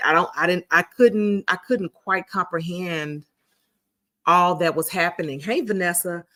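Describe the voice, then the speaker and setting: Chatty and folksy, this livestream host in her 40s addresses her viewers as honey and sugars. Her voice is on the low side yet fairly bright in tone, and she speaks unhurriedly.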